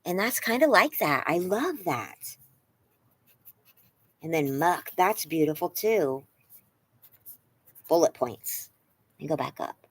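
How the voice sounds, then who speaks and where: A woman's voice: sits low, sing-song, slow, long pauses, slightly rough. A woman hosting a live stream, answering chat in casual, rambling talk full of fillers and gushing praise. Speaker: livestream host reading chat.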